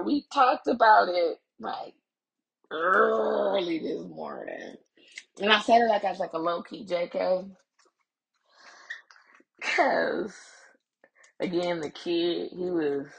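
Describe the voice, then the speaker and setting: A woman's voice: mid-range voice, creaky, fairly bright tone, recorded from a distance. A woman in her thirties hosting a podcast from home in a casual, candid chat, full of slang and swearing, and laughing often. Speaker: podcast host. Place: room at home. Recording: roomy echo, voice off mic.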